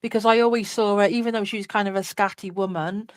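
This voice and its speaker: A woman's voice: mid-range voice, fairly even intonation, fast, dry recording. A woman, an interview guest candidly recounting a personal story in a chatty way, full of "like" and "you know".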